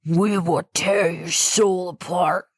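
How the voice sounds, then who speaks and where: A woman voicing a calm, menacing male demon, dropping her voice slightly and stretching out each word as she recaps a horror film. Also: breathy edge, no room sound, full character voice. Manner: slow, low, drawn-out delivery. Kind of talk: podcast movie recap reenactment.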